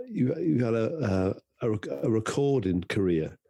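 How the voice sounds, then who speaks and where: A man's voice: medium pitch, big pitch swings, moderate pace, gravelly, mellow, husky, dry recording. A man co-hosting a podcast, teasing his friend in casual chat over a video call. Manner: dry, teasing. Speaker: podcast co-host.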